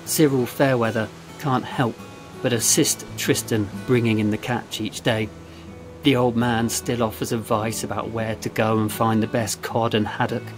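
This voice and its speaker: A man narrating a story in a steady, measured reading voice. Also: mid-range voice. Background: faint guitar music.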